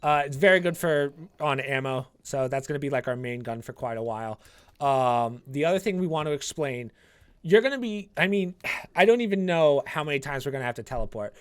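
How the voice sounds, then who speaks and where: A man casually talking viewers through a video game walkthrough, explaining each step in a chatty, relaxed way with plenty of fillers. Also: mid-range voice, a little fast, smooth. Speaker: gaming channel host. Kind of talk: casual gameplay walkthrough commentary.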